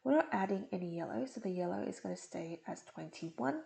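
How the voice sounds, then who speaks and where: A woman tutor walks through exam questions one step at a time, patient and methodical. Her voice is mellow and dark, with a gravelly fry at the ends of her phrases. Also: medium pitch, animated, brisk, low-quality recording. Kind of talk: explaining test questions.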